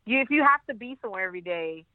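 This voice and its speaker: A woman's voice: mid-range voice, lively intonation, very fast, no room sound. A woman co-hosting a podcast in casual chat, blunt and profane, laughing easily. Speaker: podcast co-host. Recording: tinny, dry phone-line sound.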